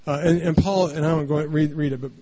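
A man's voice: on the high side, steady tone, fast talker, crowd noise. A man preaching a conversational sermon, often checking in with the congregation by asking "right?". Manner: chatty, keeps adding "right?". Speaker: pastor.

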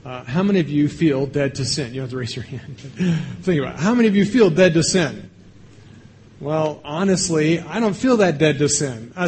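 Male pastor, conversational sermon, a touch high-pitched, faint background ambience. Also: a little mellow, slight background noise. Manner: conversational, asks the audience questions; acts out little voices for illustration.

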